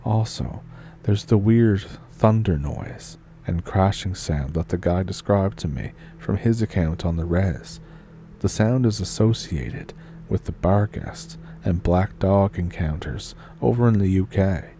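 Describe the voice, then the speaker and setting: A man narrating spooky first-person stories in a calm, measured way. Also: low-pitched, slight background noise. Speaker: horror story narrator. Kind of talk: storytelling narration.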